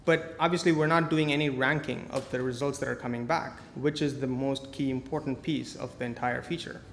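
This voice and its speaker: A man's voice: mid-range voice, fairly even intonation, a little fast, fairly bright tone. Playful man presenting in an echoey hall. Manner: playful, joking asides. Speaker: conference speaker. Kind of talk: live coding talk. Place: large conference hall. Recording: echoey hall, faint noise.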